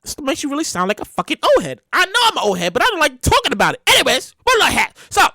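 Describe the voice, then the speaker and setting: A man hosts his own podcast in a hyper, loud solo rant, swearing freely. His voice sits high and swoops around with big leaps in pitch. It sounds bright and edgy, recorded close and dry. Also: very fast, no echo. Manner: loud, hyper and animated, with profanity; acts out quoted people in shouts. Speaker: podcast host.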